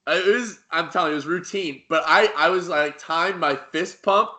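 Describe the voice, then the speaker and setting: A young man co-hosting a casual sports podcast, talking excitably and rambling through restarts. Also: a little high, moderate pace. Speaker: podcast co-host.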